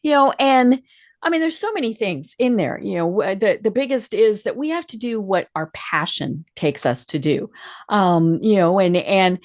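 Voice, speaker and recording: Talk-show woman host: animated, conversational, quick to agree. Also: mid-range voice. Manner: chatty, frequent affirming murmurs. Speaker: podcast host. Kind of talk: casual interview chat.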